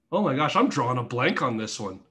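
A man guesting on a podcast, telling a story in a casual, animated way, with lots of swearing and acted-out quotes. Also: medium pitch. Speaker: podcast guest, former wrestler.

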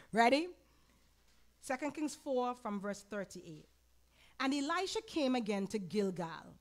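A woman pastor with a Caribbean accent teaching a Bible lesson, animated, asking the audience questions and acting out quoted lines. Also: fairly high pitch. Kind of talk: sermon-style Bible teaching.

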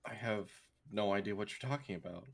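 A man's voice: lowish voice, a little fast, creaky. A man voicing a nervous older male lord who claims to be a hostage, sounding evasive and innocent.

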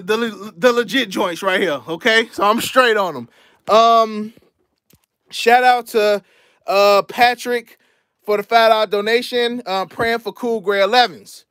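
A young man hosting a casual livestream, chatting in slang about his collection and shouting out viewers who donate. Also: high voice, fairly even intonation, unhurried, no room sound, clean studio sound. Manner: laid-back slangy chatter, shouting out donors. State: out of breath. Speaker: sneaker channel host. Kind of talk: casual livestream show-and-tell.

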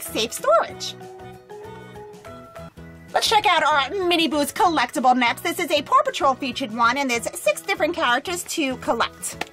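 A young woman hosting a toy unboxing video, gushing with excited, bubbly exclamations. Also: high-pitched. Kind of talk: upbeat toy unboxing narration.

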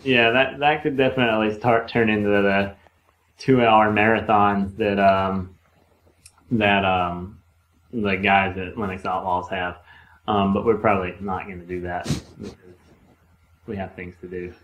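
A man's voice: lowish voice, flat delivery, measured pace, dull audio, slight background noise. A man co-hosting a casual podcast chat over a call, talking in a hesitant way with many ums and likes. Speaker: podcast co-host. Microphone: remote call mic.

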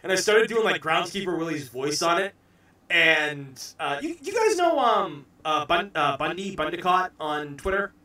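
An excitable man from the United States hosts a loose podcast chat and swears freely as he talks. His voice is bright and forceful and a little high for a man. It bounces around an echoey room, picked up by a mic set some way off. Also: normal speed, distant mic. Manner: excitable, swears freely, shouts bits of impressions. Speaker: podcast host.

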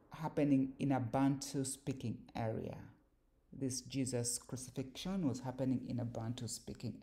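A woman with an extremely deep voice and a dark, mellow tone hosts her own teaching video. She speaks very slowly and deliberately, breaks words down sound by sound, and repeats key phrases with the odd "um" or "like.". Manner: spells out sounds syllable by syllable, repeats phrases, fillers "um" and "like". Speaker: channel host explaining word meanings. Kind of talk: slow deliberate teaching monologue.

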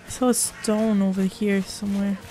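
A woman's voice: medium pitch, little pitch movement, normal speed, warm tone, faint music behind. A woman giving casual running commentary on her own gameplay, talking to herself, jumpy and given to swearing. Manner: jumpy, swearing, talks to herself while playing. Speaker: gaming channel host.

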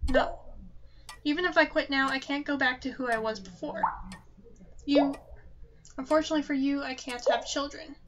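A woman's voice: high-pitched, moderate pace, long pauses, a bit bright, slight background noise. A woman reading the lines of a young trans woman coming out to her mother, earnest and pleading. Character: young trans woman, scared but firm. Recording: slightly dull lo-fi recording.

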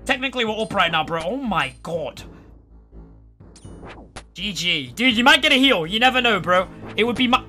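A man streaming a game live, excitable and swearing as he reacts and talks to his chat. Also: high voice, normal speed, pauses often, faint music behind. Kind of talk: live gameplay commentary to chat.

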